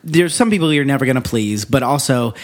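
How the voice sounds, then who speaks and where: A man co-hosting a podcast, recapping a movie in relaxed, casual chat with easy laughs and some swearing. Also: medium pitch, brisk. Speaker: podcast co-host.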